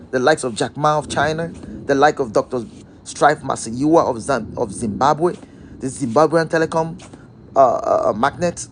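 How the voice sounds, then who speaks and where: A man hosting a live-stream motivational talk, repeating rhetorical questions and calling out viewers by name. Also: medium pitch. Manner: calls out viewers' names. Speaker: host.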